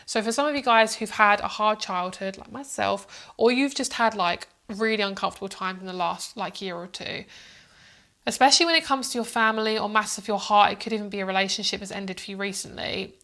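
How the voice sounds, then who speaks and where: A woman's voice: medium pitch, fairly quick, bright, forceful tone. A woman giving a casual tarot reading to camera, chatty and motherly, speaking to viewers as "my love" and often rambling and restarting her sentences. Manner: rambling, with many fillers and restarts. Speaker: psychic tarot reader.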